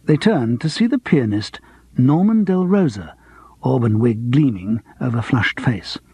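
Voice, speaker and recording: A man reading a cozy mystery audiobook as narrator, in a lively, expressive manner. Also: mid-range voice, unhurried, husky, no echo. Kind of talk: scripted narration.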